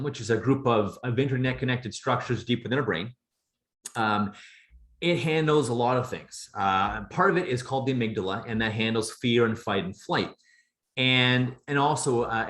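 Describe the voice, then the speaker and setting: A man's voice: mid-range voice, echoey room. A man coaching a business masterclass, speaking earnestly and often repeating words as he tells stories. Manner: earnest, repeats himself, lively storytelling. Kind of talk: recorded masterclass talk.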